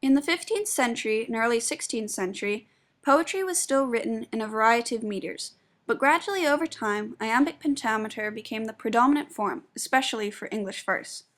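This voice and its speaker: A young woman with a fairly high voice reads her essay aloud. Her delivery is measured and explanatory, careful and deliberate, like a student presenting her own analysis. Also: lively intonation, a bit bright. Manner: measured and explanatory, stressing syllables when demonstrating meter. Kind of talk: read-aloud spoken essay.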